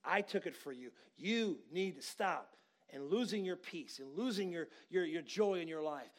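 A man preaching a sermon, telling a story conversationally and building to emphatic encouragement. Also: on the high side. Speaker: pastor.

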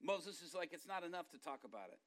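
A middle-aged man preaching a sermon, telling family stories and moving between hushed asides and loud, impassioned outbursts. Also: fairly high pitch, expressive, fast. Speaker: pastor.

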